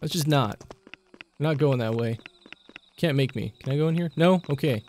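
Young male let's-player, slightly high voice, skittish and jokey. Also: moderate pace, darkish tone, a little hiss or hum. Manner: jumpy, panicky reactions with joking asides. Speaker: gaming YouTuber. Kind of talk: let's play commentary.

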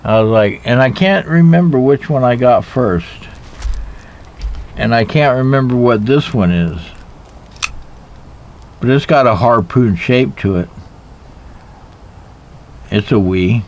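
Outdoors in a backyard, a man casually reviews knives for a vlog, rambling, joking, and talking to himself while handling them. His mid-range voice is slow, with long pauses, on a rough recording.

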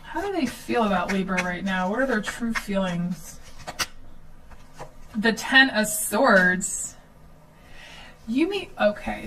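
A woman's voice: on the high side, fairly bright tone, distant mic, poor audio. Chatty woman giving a tarot reading. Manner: chatty, with filler ums and nervous laughs. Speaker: tarot reader. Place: at home.

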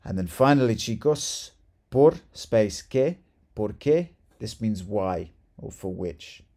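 Brief: male language tutor, mellow, gravelly, chatty and upbeat. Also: lowish voice, lively intonation, a little slow. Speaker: Spanish teacher. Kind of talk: casual video lesson.

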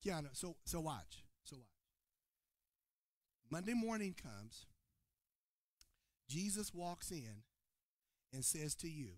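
A man preaching a sermon to his congregation, calling on people by name and swinging between shouted points and quiet asides. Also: fairly high pitch, lively intonation, measured pace, long pauses, dry recording, studio quality. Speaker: pastor. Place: church sanctuary before a congregation.

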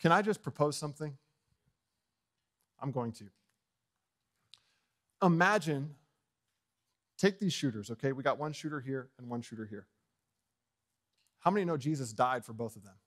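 A man preaching a sermon as pastor in a church, bold and fiery, swinging from loud proclamations to quiet asides and jokes with the congregation. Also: medium pitch, lively intonation, moderate pace, pauses often. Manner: joking with the congregation. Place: church sanctuary.

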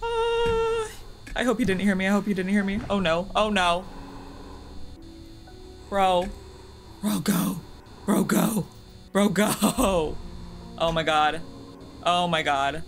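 A young woman playing a horror game, talking to herself and shrieking when startled, then hushing to a mutter while hiding. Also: medium pitch, animated, takes it slowly, long pauses, over music. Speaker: gaming streamer. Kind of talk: horror game playthrough commentary.

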